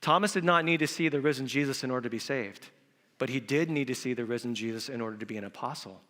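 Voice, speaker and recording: A male pastor preaching an Easter sermon in a church, animated and acting out quotes in different voices. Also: medium pitch. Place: church sanctuary. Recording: reverberant church hall.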